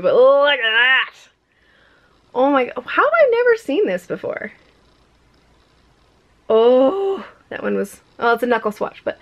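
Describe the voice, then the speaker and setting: A woman's voice: fairly high pitch, low-quality recording. A woman vlogging a casual makeup unboxing at home, gushing and exclaiming with frequent giggles. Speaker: beauty vlogger.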